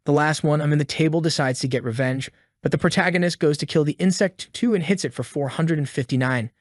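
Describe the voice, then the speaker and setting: A man's voice: on the high side, quick pace, no room sound, studio quality. A man narrating a story recap in a casual, slangy storytelling manner.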